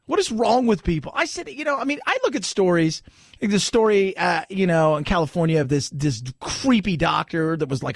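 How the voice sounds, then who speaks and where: A man hosting a talk radio show, animated and sarcastic, pushing his pitch up and down for emphasis. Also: creaky, dry recording, studio quality. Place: radio studio. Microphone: studio microphone.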